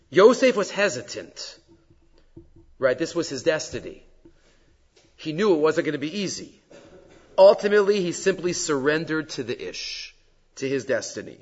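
Animated man teaching a Torah class. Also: a little high. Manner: animated, questioning, sprinkled with Hebrew terms. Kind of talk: weekly Torah portion class. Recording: dull audio with long hall reverb.

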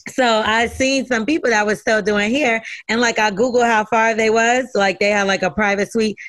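A woman's voice: a little high, fairly even intonation, normal speed, a bit bright, no room sound, poor audio. A woman co-hosting a podcast in casual chat, blunt and profane, laughing often. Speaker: podcast co-host.

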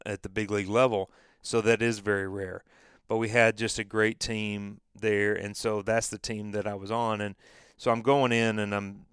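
Man guest, low smooth voice, dry close sound; rambling storyteller, lots of restarts. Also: no echo. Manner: rambling, frequent restarts and fillers, acts out dialogue. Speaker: former baseball pitcher, guest. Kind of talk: storytelling in a conversational interview.

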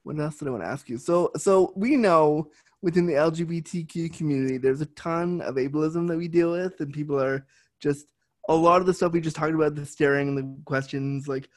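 A man's voice: a little high, brisk. A young adult man hosting a casual interview chat, candid and swearing freely. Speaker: podcast host.

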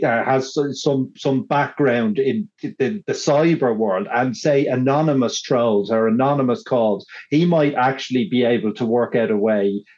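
A man in a casual panel chat who argues earnestly and haltingly, often restarting. His voice is mid-pitched, and his mic sounds dull and lo-fi. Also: darkish tone.

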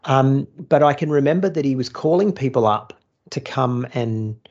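Gravelly man telling a blunt story. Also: medium pitch, normal speed, highs cut off. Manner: blunt, swears freely, animated storytelling. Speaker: former churchgoer turned atheist, storyteller. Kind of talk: casual podcast chat.

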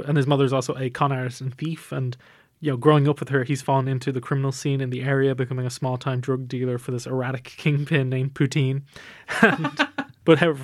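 Fast-talking man on a film podcast. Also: medium pitch, no echo, clean studio sound. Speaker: podcast co-host. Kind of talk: casual film-review chat.

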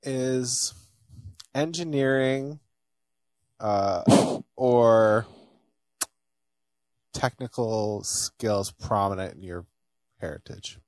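A man co-hosting a podcast, chatting casually with wry, quick quips. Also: medium pitch, a little mellow, no room sound. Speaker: podcast co-host. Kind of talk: casual banter.

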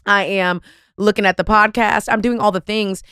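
A woman, hosting a podcast interview in an effusive, animated way with casual slang. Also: medium pitch, normal speed, clear, resonant tone, no echo, studio quality. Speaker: podcast host.

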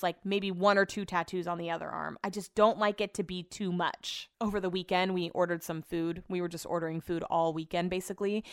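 A young woman talks alone into a close mic for her podcast, candid and chatty, with a few curse words dropped in. Her voice is smooth and clear, and the sound is dry with no room echo. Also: medium pitch. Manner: chatty, candid storytelling with mild swearing. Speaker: podcast host. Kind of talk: casual solo podcast chat.

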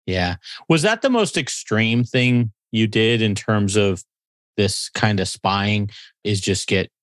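A man hosting a podcast interview, asking measured, thoughtful questions. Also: on the low side, lively intonation, a bit bright, no room sound. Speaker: podcast host.

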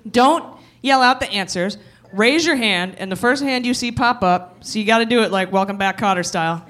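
A man's voice: high voice, moderate pace, a bit bright, a little hiss or hum. A man hosting a live comedy show on stage, running a quiz game with playful, laughing banter. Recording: live club audience behind.

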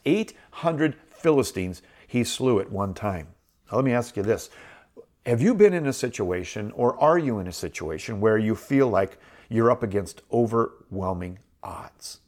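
A man's voice: mid-range voice, sing-song, a little slow, a little mellow. A middle-aged man hosting a show, giving an earnest, encouraging Bible teaching and repeating phrases for emphasis. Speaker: host.

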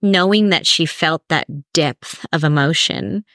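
A woman speaking as a podcast guest, telling a personal story in a candid, animated way. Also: low-pitched, unhurried, no echo, clean studio sound. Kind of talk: emotional personal conversation.

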